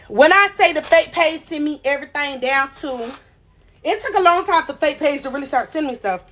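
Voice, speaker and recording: A young woman with a high voice tells a long story on a live stream. She acts out every scene with dramatic flair and keeps breaking off to read the chat. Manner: animated, dramatic retelling, reads chat aloud.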